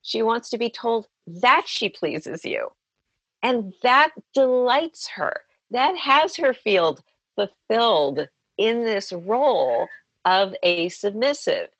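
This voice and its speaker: A woman's voice: fairly high pitch, fairly bright tone, dry recording, highs cut off. A woman therapist telling the story of a client session and acting out both sides of the conversation. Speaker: sex therapist. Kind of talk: storytelling in an interview.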